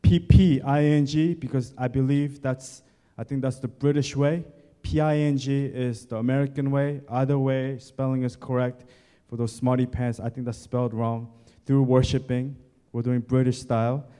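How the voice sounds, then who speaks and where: This pastor's medium-pitched voice is dark, clear and resonant, delivered at normal speed with fairly even intonation and almost no pauses. Addressing the congregation directly, he drives his sermon with repeated key words and lists, his words ringing through the long reverb of the church sanctuary.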